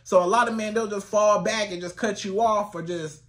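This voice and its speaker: A man giving casual dating advice to the camera, animated and colloquial, repeating his phrases. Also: high-pitched, normal speed. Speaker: dating coach.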